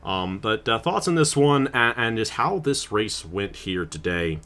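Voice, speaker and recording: A man, host of a racing channel, speaks with his voice breaking as he cries. He laughs softly through the tears and thanks his audience in a heartfelt, halting way. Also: lowish voice, expressive. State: crying. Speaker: channel host and race commentator. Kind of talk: emotional closing remarks on a stream.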